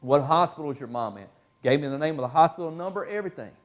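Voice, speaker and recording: A man's voice: a little high, animated, fast talker. A man teaching a church Bible class, telling stories in a folksy way with many fillers. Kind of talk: storytelling in a class.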